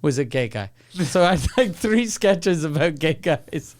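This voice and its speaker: A man co-hosting a casual podcast, telling an animated story about school and laughing along the way. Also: on the high side, measured pace. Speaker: podcast co-host. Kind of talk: casual chat.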